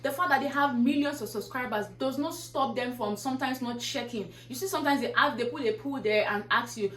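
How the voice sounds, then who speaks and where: A woman's voice: fairly high pitch, fairly quick, hardly any pauses, a bit bright, echoey room, a little hiss or hum, low-quality recording. A woman YouTuber giving a casual motivational talk, preaching through a stream of rhetorical questions.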